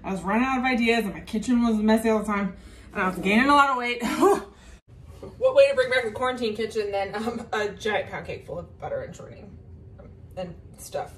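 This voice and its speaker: A woman's voice: on the high side, fast talker, a little hiss or hum. A woman in her thirties with a Southern US accent, chatting casually in her home kitchen for a cooking vlog, rambling with lots of ums. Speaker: cooking vlogger.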